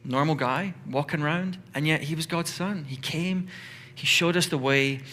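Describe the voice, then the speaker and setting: A man preaching a sermon as pastor, telling the story in an animated, conversational way. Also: on the high side, normal speed.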